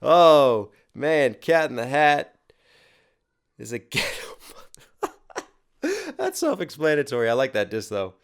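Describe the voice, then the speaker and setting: A man's voice: on the high side, sing-song, takes it slowly, pauses often. A man reacting to a rap video, enthusiastically analyzing the lyrics with casual swearing. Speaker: rapper reacting to music videos.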